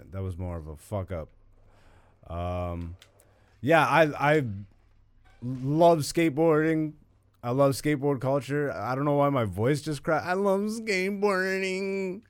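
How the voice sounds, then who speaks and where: A man's voice: medium pitch, no room sound. Rambling, profane man, dry sound. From Canada. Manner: loose, profane, self-mocking, laughs often. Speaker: podcast host. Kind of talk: casual rambling chat while gaming. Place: home room with a gaming setup.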